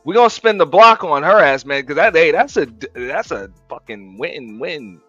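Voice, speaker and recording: A man's voice: a little high, expressive, moderate pace, fairly bright tone, slightly rough, no echo, muffled recording, faint music behind. A man hosting a casual reaction show, talking in a laid-back, profane way, laughing and repeating himself. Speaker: show host reacting to clips.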